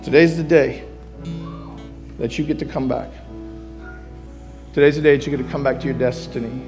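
A man preaching a sermon as pastor, moving from soft pleading to loud shouting and repeating phrases for emphasis. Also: mid-range voice, steady tone, normal speed, highs cut off, faint music behind. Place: church sanctuary.

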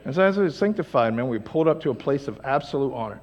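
A man pastor preaching a sermon in a church, energetic and humorous, swinging between loud exclamations and hushed lines. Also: mid-range voice, lo-fi sound. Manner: humorous, acts out quick voices. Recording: long hall reverb in a church.

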